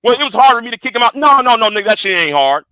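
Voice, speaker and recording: A man's voice: very high-pitched, very animated, very fast, sharp tone, clear, resonant tone, dry recording. A man hosting a livestream, giving heated commentary in an emphatic, profane way and repeating words when he gets worked up. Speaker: livestream host.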